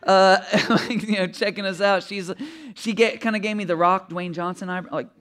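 A pastor in his thirties with a fairly high, smooth and resonant voice, a bit bright, preaches at normal speed with fairly even intonation. His sermon mixes personal stories with a chatty, humorous delivery, and he often chuckles and asks the audience questions.

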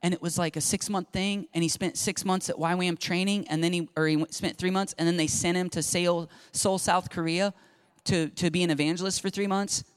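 A middle-aged man preaching a sermon, telling a story with lively acted-out dialogue. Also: high-pitched, a little fast, clear, resonant tone. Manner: animated storytelling, acting out dialogue. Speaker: pastor. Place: church sanctuary.

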